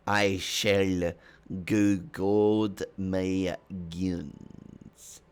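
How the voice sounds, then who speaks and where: A man's voice: deep voice, steady tone, clear, resonant tone, exaggerated voice. A man voicing a cocky, grandly formal winged boy in a tabletop game. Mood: pompous. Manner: slow, loud and pompous.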